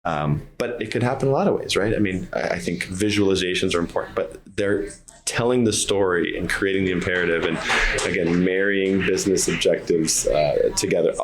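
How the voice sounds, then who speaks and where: A man from the United States, a guest in a casual interview, speaking thoughtfully and haltingly. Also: low-pitched. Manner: thoughtful, halting, many fillers and restarts.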